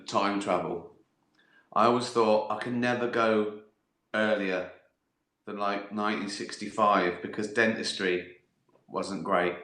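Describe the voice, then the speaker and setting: Middle-aged male live-stream host, bright forceful voice, sweary and giggly, roomy echo. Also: fairly low pitch. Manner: sweary, laughs often, acts out voices in asides. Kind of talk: casual live-stream chat reading viewer questions. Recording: echoey room.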